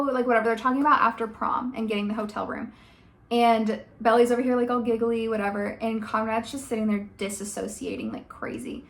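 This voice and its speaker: Woman vlogger, fairly high voice, emphatic casual rant, filler-heavy. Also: fairly even intonation, a little fast. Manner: emphatic, rants with many "like" and "okay?". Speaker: vlogger reviewing a TV adaptation. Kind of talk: casual opinionated commentary.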